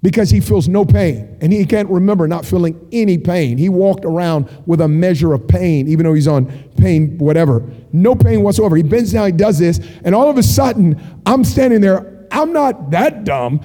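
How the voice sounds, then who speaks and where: Male preacher, high voice, dark mellow tone, lively storytelling sermon with jokes. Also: normal speed, few pauses. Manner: animated storytelling, jokey asides. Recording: long hall reverb.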